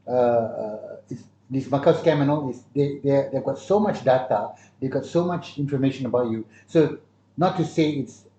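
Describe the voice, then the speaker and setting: A man's voice: medium pitch, normal speed, warm tone, slight background noise. A man with a Malaysian English accent, chatting casually and telling stories, slipping Malay words into his English. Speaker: guest. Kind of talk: casual chat. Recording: muffled, echoey room.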